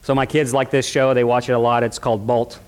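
A man's voice: medium pitch, little pitch movement, fast talker. A man preaching a sermon at a church service, passionate and full of rhetorical questions. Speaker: pastor.

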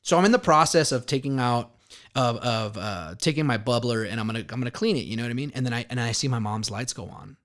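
A man's voice: mid-range voice, fast talker, a bit bright. A man in his thirties telling a profane, laughing story in casual chat, acting out the quotes.

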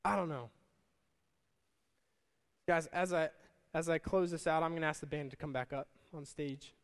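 A man preaching a sermon in a lively conversational way, calling his listeners guys, at a church service. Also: fairly high pitch, fairly quick, clean tone. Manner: energetic, conversational, addresses crowd as guys. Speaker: pastor. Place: church service with stage and band. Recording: long church hall reverb.

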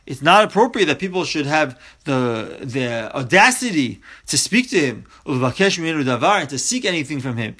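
A man's voice: on the high side, very animated, unhurried, few pauses, fairly bright tone. A man teaching a Torah text study class, reading Hebrew phrases aloud and then explaining each one in English.

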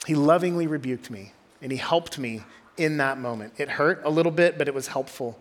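A young adult man serving as a groups pastor preaches a sermon in a conversational, storytelling style, at times dropping into quiet intensity. His voice is slightly high and a bit fast.

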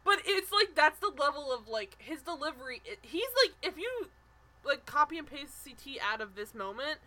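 A young woman talks through a reality show scene in loose, animated chat, peppered with "like" and quick restarts. Her voice sits high and bright, and it swings a lot as she gets excited. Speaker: podcast co-host.

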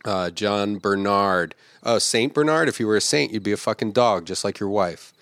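A man with a lowish voice roasts names from film credits one after another. He drawls out each name, then rattles off crude, mocking insults full of profanity. The sound is close and dry, with no room around it. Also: lively intonation, fairly bright tone, dry recording. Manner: reads names slowly, then fires off jokes fast. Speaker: podcast host.

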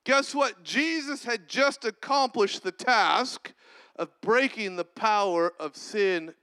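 Slow, high-voiced male preacher. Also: smooth. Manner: preaching with long pauses and sudden soft drops. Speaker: pastor. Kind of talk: sermon.

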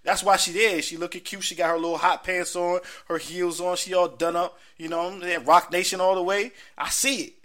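A man's voice: sits high, level tone, normal speed, hardly any pauses, a bit bright. An American man hosting a podcast, chatting about pop culture in a loose, slangy, profane way. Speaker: podcast host. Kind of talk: casual pop-culture chat.

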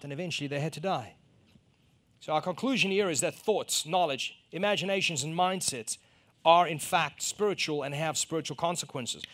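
A middle-aged South African man preaches a sermon, acting out the exchanges in a personal story he tells. His voice sits on the high side and climbs to loud emphasis.

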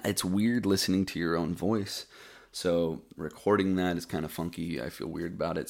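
Gravelly low-voiced man telling a story. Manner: rambling, laid-back storyteller who calls listeners buddy and dude. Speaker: podcast host. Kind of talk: casual storytelling and poetry reading.

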